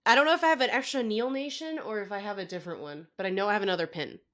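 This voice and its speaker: A young woman telling a story in a casual podcast chat, excitable and acting out her own reactions. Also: mid-range voice, very fast. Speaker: podcast guest.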